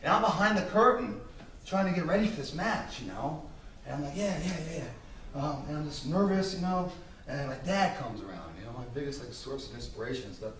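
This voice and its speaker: Fairly quick, animated and a bit bright, this man's voice sits on the high side. As a motivational speaker addressing business students, he's intense and emphatic and swears freely, captured by a distant mic in an echoey hall with faint ambience.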